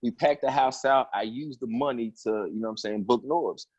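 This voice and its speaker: A man's voice: mid-range voice, a little fast, darkish tone, rough recording. A man, a battle rap league owner telling stories in a casual, profane interview, often saying "you know what I'm saying.".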